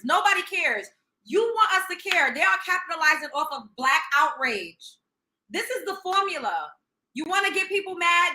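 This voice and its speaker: A woman's voice: very high voice, sing-song, normal speed, bright, forceful tone. A woman hosting a livestream, reacting in a profane, sarcastic, emphatic rant. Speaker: livestream host. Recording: roomy echo.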